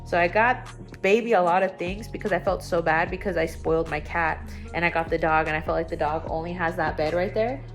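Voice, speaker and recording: A young woman talking at home in a casual confessional vlog, candid and rambling, her voice jumping up when she gets excited. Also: a little fast, soft background music. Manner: candid and rambling, with sudden excited jumps in pitch. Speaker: vlogger. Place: at home, indoors.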